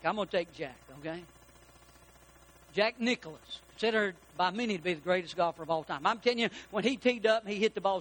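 A man preaching a sermon in a church, folksy and animated, asking his congregation questions. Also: high-pitched. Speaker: pastor. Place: church sanctuary.

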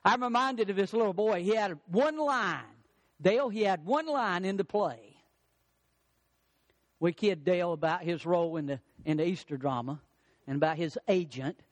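A man's voice: high voice, lively intonation, normal speed, in a large hall. A male pastor delivering a sermon, building emphatic repeated lines and acting out the quotes he tells. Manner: preaching with rising emphatic lines and acted-out quotes.

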